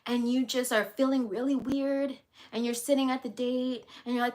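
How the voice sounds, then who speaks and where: A woman's voice: fairly high pitch, fairly even intonation, normal speed. A woman coach giving a motivational vlog talk, emphatic and repetitive, casual and willing to swear. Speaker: life and business coach.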